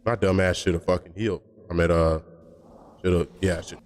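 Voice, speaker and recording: A man's voice: low-pitched, steady tone, brisk, a little mellow, big-room sound. A man streaming and chatting casually, blunt and opinionated, rambling with slang and profanity.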